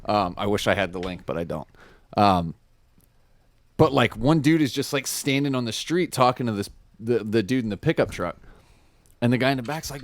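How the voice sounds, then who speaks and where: A man's voice: mid-range voice, fairly quick. A man co-hosting a casual podcast, telling stories with lots of swearing. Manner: animated storytelling, swearing. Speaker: podcast co-host. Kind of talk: casual chat.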